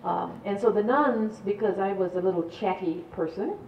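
A woman's voice: mid-range voice, moderate pace, a little mellow, slight background noise. An older woman from San Antonio, Texas, telling community history to an audience in a chatty, rambling way with laughs and restarts. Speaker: community speaker. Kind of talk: storytelling talk to an audience. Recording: echoey, distant, dull room recording.

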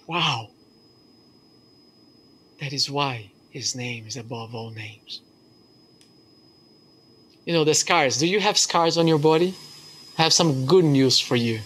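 A man's voice: mid-range voice, takes it slowly, long pauses, fairly bright tone, a little hiss or hum. A man preaching a sermon as pastor, telling a story earnestly with hesitations.

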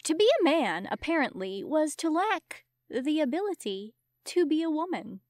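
A high-voiced woman co-hosts a casual book chat in an unhurried, giggly way. Her pitch leaps around animatedly, and the recording is close and dry. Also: very animated, darkish tone, dry recording. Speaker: podcast co-host.

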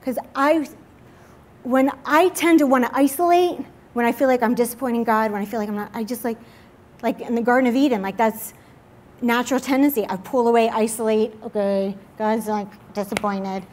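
Young woman, slightly high voice, earnest confessional testimony delivered as a sermon. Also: steady tone, normal speed. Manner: earnest and confessional, many fillers like "like". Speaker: speaker at a church midweek service.

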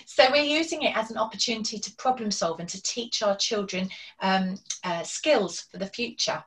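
A woman's voice: medium pitch, normal speed, a bit bright. A woman presenting a parenting webinar online, explaining strategies and acting out examples. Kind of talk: online training talk. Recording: distant from the microphone.

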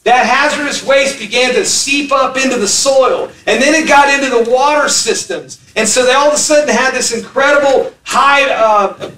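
A man's voice: very high voice, normal speed, pushed and bright. A man in his fifties preaching a sermon as pastor, telling stories, acting out voices and laughing along. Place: church sanctuary. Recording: echoey hall, mic from a distance.

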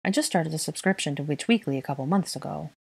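A woman's voice: low voice, fast, vocal fry, a little mellow, breathy edge, heavily acted. A woman voicing an earnest, timid young woman who tends to ramble, in a fan fiction reading.

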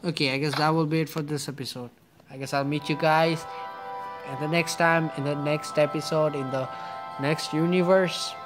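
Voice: mid-range voice, fairly even intonation, moderate pace, over music. A gamer giving casual gameplay commentary, muttering to themselves and swearing at the game.

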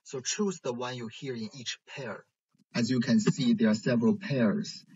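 A man teaching a language lesson, explaining slowly and checking in with "right?". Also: mid-range voice, fairly even intonation, a little mellow, breathy edge. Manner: slow, careful explaining with frequent "right?" checks. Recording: dull lo-fi recording.

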